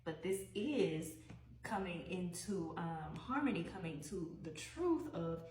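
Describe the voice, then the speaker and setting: Low-voiced woman musing through a tarot reading. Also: animated, darkish tone, echoey room, far from the mic, low-quality recording. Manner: unhurried, musing aloud, repeats phrases. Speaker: tarot reader.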